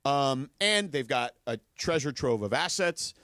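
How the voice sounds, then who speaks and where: A man co-hosting a sports radio show, chatting casually and animatedly with plenty of quick agreement. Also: medium pitch, animated, bright, forceful tone, dry recording, clean studio sound. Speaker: radio co-host. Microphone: studio microphone.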